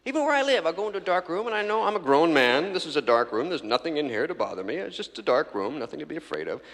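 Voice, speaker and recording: A man's voice: a little high, very animated, quick pace, vocal fry, fairly bright tone. A man doing a live stand-up routine, rambling through stories and acting out scenes on a theatre stage. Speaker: stand-up comedian. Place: large theatre stage before an audience. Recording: reverberant live theatre recording from 1984.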